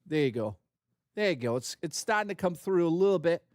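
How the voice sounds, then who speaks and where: A man riffing on his live stream with a slightly high, bouncy pitch that swings up and down a lot. He jokes and curses freely in an easy, casual way. The sound is dry and close. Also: a little fast, no room sound. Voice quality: animated, profane, joking.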